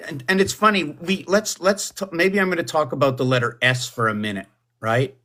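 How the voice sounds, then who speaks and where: A man's voice: on the high side, a little fast, sharp tone. A man hosting a casual livestream from home, rambling and musing aloud about words and numbers. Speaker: livestream host.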